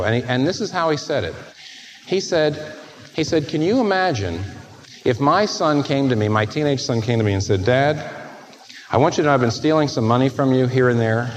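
Male preacher, mid-range pitch, very expressive delivery, faint background noise. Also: rough recording. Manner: animated, swings from soft to emphatic, acts out quoted voices. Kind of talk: sermon.

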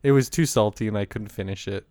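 A man's voice: lowish voice, quick pace, darkish tone, dry recording. A man co-hosting a podcast, telling a story in a laid-back way, swearing freely and laughing often. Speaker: podcast co-host. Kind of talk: casual chat and storytelling.

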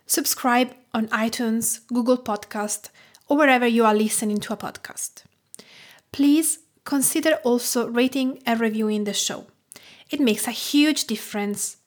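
A woman from Tuscany with an Italian accent, hosting her cooking podcast in a scripted, grateful tone. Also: on the high side. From Tuscany, Italy. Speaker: podcast host, food writer.

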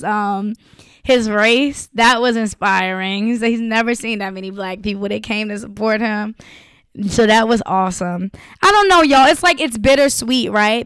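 A woman's voice: on the high side, clean tone, no echo, studio quality. Blunt, impassioned woman. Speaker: vlogger. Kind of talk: casual direct-to-camera talk.

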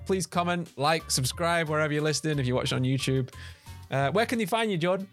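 A man's voice: a little high, brisk, soft background music. A man co-hosting a podcast in casual chat, teasing and laughing as he tells a story. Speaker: podcast co-host.

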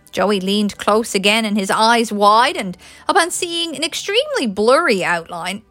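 A woman, a published author, reading an audiobook aloud in a lively, expressive way. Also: mid-range voice, no room sound. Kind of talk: audiobook narration.

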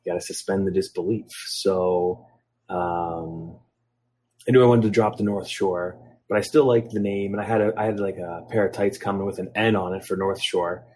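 A man's voice: low-pitched, fairly even intonation, moderate pace, darkish tone, slightly rough. A man in his thirties from Philadelphia, a guest on a podcast, telling rambling stories full of ums and acting out quotes as he goes. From Philadelphia, USA. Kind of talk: casual storytelling interview.

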